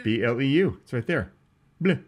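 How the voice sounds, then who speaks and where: Male co-host, mid-pitch, teasing, stubborn, casual comedic chat. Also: animated, brisk. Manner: stubborn, playfully insistent, teasing. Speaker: podcast co-host.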